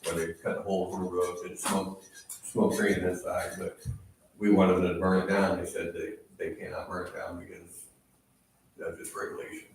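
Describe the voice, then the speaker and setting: Halting, curious man, far and echoey. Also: sits low, completely flat delivery, slight background noise. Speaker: resident asking questions. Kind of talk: council meeting question. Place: small town council chamber.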